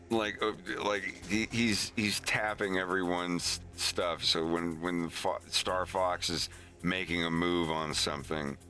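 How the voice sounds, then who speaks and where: A man streaming his animation work, chatting casually and rambling with halting restarts. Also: low-pitched, steady tone, pushed and bright, faint music behind.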